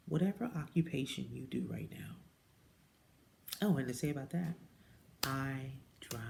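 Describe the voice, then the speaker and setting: A direct-sales jewelry consultant chats to camera in a casual personal vlog, telling her own story. She's an animated storyteller whose voice jumps high when she mimics people and drops into whispers. Her voice is creaky, with slight background noise.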